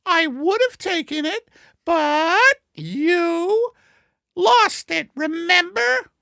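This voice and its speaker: A man voicing Margaret, a fussy, scolding middle-aged wife, in a high falsetto in an improvised comedy sketch. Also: animated, drawn-out words, gravelly, no echo, exaggerated voice. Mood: bickering. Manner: shrill, scolding falsetto, bursts into shouting. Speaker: comedy podcast co-host.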